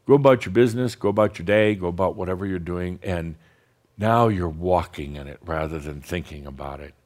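A man giving a channeled spiritual talk to an audience, blunt and teasing, slowing down to guide deep breaths. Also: darkish tone. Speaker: spiritual teacher channeling a master.

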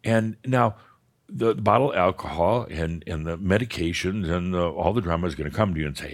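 A man with a low voice, speaking a little quickly, leads a live spiritual workshop before an audience. As the teacher running the session, he coaches a participant bluntly, swearing and often laughing.

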